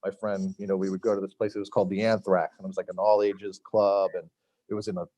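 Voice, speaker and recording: A man's voice: sits low, level tone, fast talker, warm tone, no echo, muffled recording. A middle-aged man from Long Island, telling stories as a guest, rambling with many fillers and acted-out quotes. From Long Island, New York. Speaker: chef and podcast guest. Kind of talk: casual storytelling interview.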